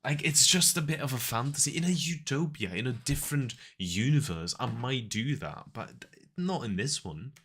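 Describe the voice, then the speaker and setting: A man's voice: medium pitch, expressive, normal speed, a bit bright, slight background noise. A man streaming and chatting casually with viewers, rambling through stories and laughing often.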